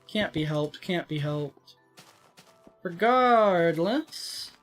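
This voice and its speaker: A woman's voice: fairly low pitch, measured pace, soft background music. A woman from Texas hosting a let's play, chatting casually and joking at herself as she builds. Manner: rambling, self-mocking and jokey, with some swearing. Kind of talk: casual gaming commentary.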